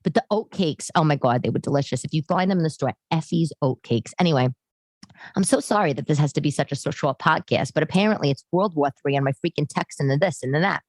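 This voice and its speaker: A woman's voice: low-pitched, quick pace, a little mellow, dry recording. A middle-aged woman, hosting a podcast in rambling, chatty, self-deprecating solo talk. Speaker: podcast host. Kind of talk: casual solo chat. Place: living room.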